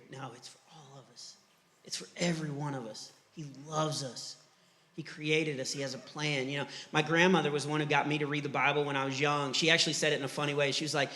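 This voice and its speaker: Bright-voiced comedian in a reverberant hall. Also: male voice, on the high side, brisk. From Texas. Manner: animated storyteller acting out voices. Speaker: stand-up comedian. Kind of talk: clean stand-up comedy with faith message. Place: church hall before a live audience. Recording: live church hall reverb.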